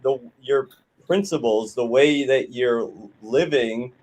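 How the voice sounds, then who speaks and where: A man with an American accent and a voice of ordinary middle pitch, hosting a live stream. He argues insistently and keeps pressing his point in a heated debate. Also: slow pace, a little mellow, rough recording.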